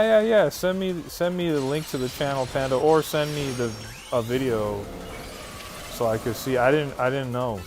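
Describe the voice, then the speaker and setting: A man hosting a livestream who reads viewer chat aloud and answers in a loose, casual way, with plenty of fillers and restarts. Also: medium pitch. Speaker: livestream host.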